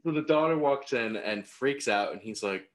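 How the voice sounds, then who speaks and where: A man's voice: medium pitch, expressive, normal speed. A man co-hosting a podcast, chiming in with short recap comments and laughing often. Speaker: podcast co-host. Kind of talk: casual movie recap chat.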